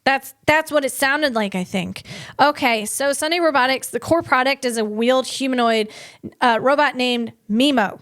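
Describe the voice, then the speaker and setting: A woman hosting a comedic tech podcast on her own, bubbly and excitable, rambling with playful asides. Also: high-pitched, moderate pace, no echo, clean studio sound.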